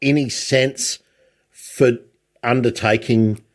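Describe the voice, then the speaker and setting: A man's voice: mid-range voice, fairly even intonation, slow. An older man hosting a podcast, asking questions in a friendly, conversational way. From Australia. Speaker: podcast host. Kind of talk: casual interview talk.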